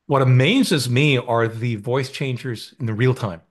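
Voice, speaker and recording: A man's voice: mid-range voice, unhurried. An American man co-hosting a podcast, explaining ideas in casual chat in a thoughtful, enthusiastic way, seated at his usual recording spot. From United States.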